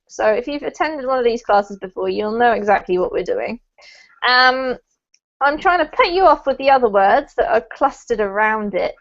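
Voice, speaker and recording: With a high-pitched voice and lo-fi sound, this UK-born British woman runs an online pronunciation class over a video call. She's an English pronunciation teacher who stays chatty and encouraging, saying um frequently.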